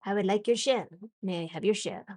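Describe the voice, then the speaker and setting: A woman voicing a slow, courteous eel who politely asks for a shell during a relaxed drawing stream. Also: mid-range voice, slightly rough, close to an everyday voice. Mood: polite, wanting.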